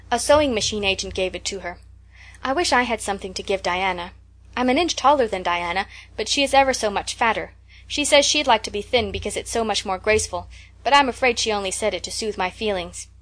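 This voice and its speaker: A woman's voice: medium pitch, a little fast, close to an everyday voice. Woman narrator doing an eager, romantic young girl; gushing chatter, storybook audiobook. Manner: gushing, breathless enthusiasm.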